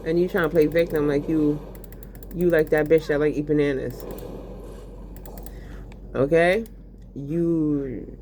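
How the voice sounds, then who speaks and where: A woman talks in a loose, profane, animated way, with a fairly low voice. Faint keyboard typing sits under her speech. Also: a little hiss or hum. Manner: profane, animated storytelling, lots of fillers. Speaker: vlogger. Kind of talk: casual rant while gaming.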